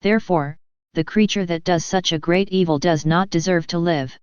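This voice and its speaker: Brief: woman reading Jesus, gentle and earnest, in a solemn devotional reading; smooth, lower voice, lo-fi sound. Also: fairly even intonation, normal speed, dry recording, lightly acted. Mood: tender, solemn.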